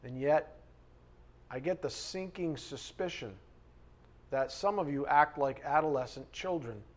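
A male pastor with a fairly high voice preaches to his congregation. He talks in a loose, conversational way, punching key words loudly and then sinking into quiet, confiding asides. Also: measured pace. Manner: conversational, emphatic preaching, swings between loud stresses and soft asides. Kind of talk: sermon.

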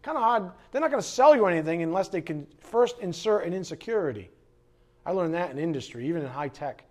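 Animated man preaching a sermon. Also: high voice, quick pace. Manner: animated and conversational, with frequent asides. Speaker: pastor.

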